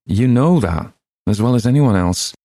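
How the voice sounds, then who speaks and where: A man doing a brisk, genial village official. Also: mid-range voice, expressive, no room sound, studio quality, pitched above the performer's own voice, lightly acted. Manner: brisk, businesslike, gently firm.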